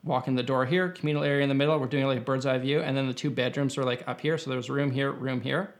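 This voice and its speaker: A man's voice: medium pitch, steady tone, quick pace. A young man in casual conversation, telling a long anecdote with lots of fillers and restarts. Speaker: podcast guest.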